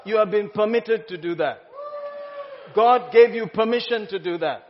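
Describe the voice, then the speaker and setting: A pastor preaching an exuberant, laughing sermon in a large church hall. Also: male voice, high-pitched, normal speed. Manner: exuberant, laughing, exclaims hallelujah. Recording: muffled sound, long hall reverb.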